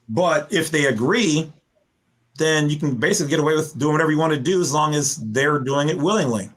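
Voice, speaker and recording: Husky man lecturing on a podcast. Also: a little high, brisk. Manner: animated, lecturing, rambling with restarts. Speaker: podcast guest explaining legal theories. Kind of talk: casual podcast talk.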